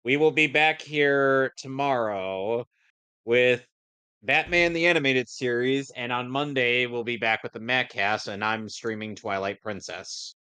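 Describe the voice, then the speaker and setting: A man's voice: medium pitch, unhurried, pushed and bright, clean tone, no echo. A man co-hosting a podcast, chatting casually and bluntly correcting the others. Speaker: podcast co-host. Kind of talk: casual chat.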